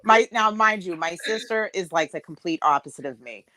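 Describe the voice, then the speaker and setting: A woman's voice: lowish voice, moderate pace, dry recording. Joking storyteller woman. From Massachusetts. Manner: lively joking storyteller, laughs often. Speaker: host of a group live chat. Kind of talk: casual chat, storytelling. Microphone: video call.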